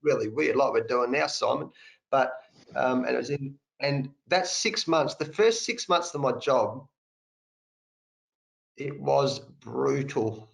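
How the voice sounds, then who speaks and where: A man's voice: mid-range voice, slow, gravelly, low-quality recording. A middle-aged Australian man, an interview guest on a video call, telling a candid personal story in an earnest, emphatic way and repeating phrases for weight. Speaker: interview guest, cricket coach. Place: home study, indoors.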